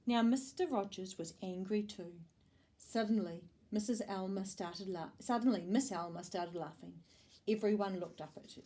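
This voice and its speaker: Kiwi woman reading a kids' storybook, expressive, trips over a word now and then. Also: mid-range voice, normal speed. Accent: New Zealand. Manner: lively expressive reading, small slips and restarts. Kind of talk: storybook read-aloud.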